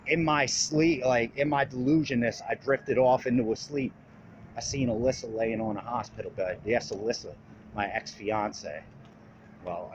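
A man records himself on his phone, telling a story in a casual, animated and profane way. His pitch sits in a middle range. The audio is muffled, with steady background hiss. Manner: profane, rambling, animated retelling. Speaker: vlogger.

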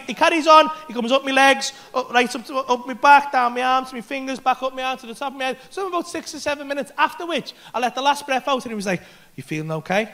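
A male English stand-up comedian telling a story on stage, animated and sweary, acting out both sides of the conversation. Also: very high-pitched, a little hiss or hum.

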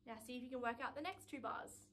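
A woman with a high, light voice leads a saxophone lesson. She speaks patiently, breaking each exercise into small steps and counting the rhythm aloud. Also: quick pace, loud music behind the voice. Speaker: music teacher.

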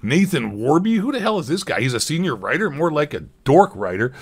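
A young man tears through gaming news commentary at a rapid clip, his voice sitting slightly high. He is sarcastic and exasperated, and he swears constantly as he vents. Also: very animated, breathy edge.

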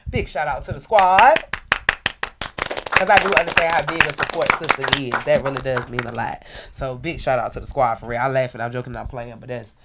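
A woman hosting a podcast interview in a lively, joking way, teasing and calling out to people around the room. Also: a bass voice, a little fast, heavy background noise. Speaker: podcast host. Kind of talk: lively casual interview banter.

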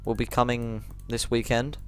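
A man giving rambling let's play commentary, jumpy and quick to shriek when startled. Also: medium pitch, flat delivery, soft background music.

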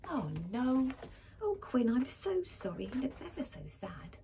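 Woman, children's storybook reading, gentle, whispery asides, slow, mellow voice. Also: high voice, vocal fry, slight background noise. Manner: gentle, expressive, often dropping to a whisper. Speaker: school librarian reading to pupils. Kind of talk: children's picture book read-aloud.

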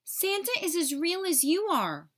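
A woman's voice: very high-pitched, sing-song, unhurried, pitched above the performer's own voice, full character voice. A woman reading aloud and voicing a hopeful, determined little girl in an earnest tone. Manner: earnest, pleading.

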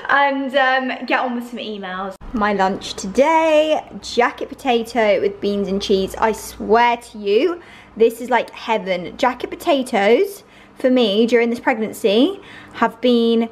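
A woman's voice: a little high, low-quality recording. A young woman vlogging casually, chatty and gushing, with lots of fillers and a little out of breath. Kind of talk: casual vlog chat to camera.

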